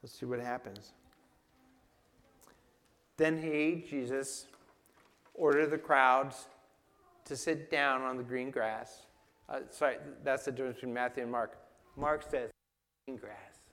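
A man's voice: mid-range voice, a bit bright. A man preaching a sermon in an emphatic, conversational way, asking his listeners questions. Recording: long reverb of a hall.

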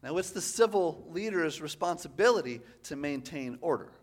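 Male pastor, high-pitched voice, animated conversational sermon delivery. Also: moderate pace. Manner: animated, conversational, frequent "right?" asides.

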